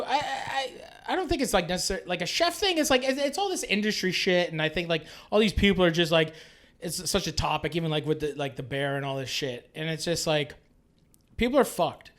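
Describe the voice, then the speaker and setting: A Canadian man in his late thirties appears as a guest chef on a podcast, his voice sitting high for a man. He rambles and restarts during the casual chat, swearing a lot and leaning on "like" constantly.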